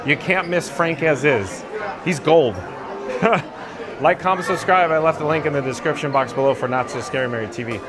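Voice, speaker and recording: On a casual live stream recorded outdoors, a man with a fairly high voice talks a little fast while making his way through a bustling theme park. He reads comments from viewers aloud and thanks them, with park music and crowd noise audible.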